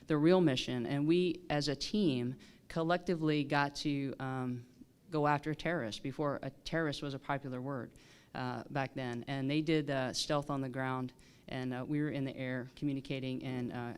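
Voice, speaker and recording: A woman's voice: rumbling low, smooth. A woman, a military pilot on a panel, telling a story with many restarts and fillers.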